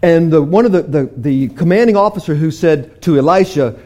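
A man preaching a sermon, retelling a story with animated energy and closing in soft prayer. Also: fairly high pitch, a little fast, few pauses. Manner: animated storytelling, prays softly at the end.

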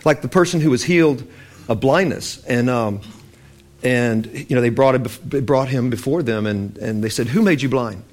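Speaking at normal speed in a medium-pitched, darkish voice, this preacher tells Bible stories and gives voice to their figures. His sermon is loose and conversational, full of restarts and fillers.

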